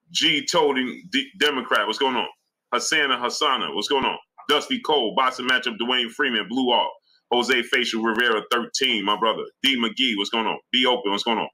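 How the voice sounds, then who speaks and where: A man's voice: mid-range voice, pushed and bright, low-quality recording. A man on a boxing live stream, hyping viewers by name in streetwise slang. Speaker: boxing YouTuber reading super chats. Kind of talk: live-stream shout-outs.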